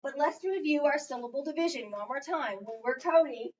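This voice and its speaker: A woman's voice: sits high, brisk. A woman tutoring a child in phonics, patiently asking prompting questions one-on-one. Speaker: reading tutor. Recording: distant, dull lo-fi sound.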